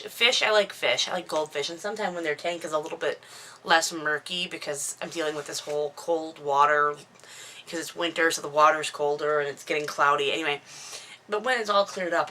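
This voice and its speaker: A woman's voice: deep voice, sharp tone, slight background noise. A woman in her thirties, talking into a camera at home, recaps her own book in a casual, rambling way full of digressions and self-mocking asides. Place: at home indoors, dog nearby. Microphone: camera microphone.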